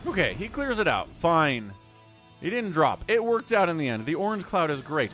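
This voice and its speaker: Animated man casting a strategy game. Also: a little high, normal speed, soft background music. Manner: excitable, chatty, thinks aloud. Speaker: game commentator and stream host. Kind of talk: live-streamed esports commentary.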